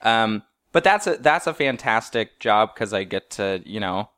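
A young man from the United States with a low voice, talking as a comedian on a podcast. The sound is close and dry. He rambles a bit in a wry, easygoing way. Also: animated, measured pace, a bit bright, no echo. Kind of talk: casual chat.

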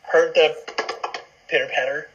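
A man chatting casually as host, relaxed and reactive. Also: fairly high pitch, a little slow, slightly rough, muffled recording. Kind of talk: casual chat.

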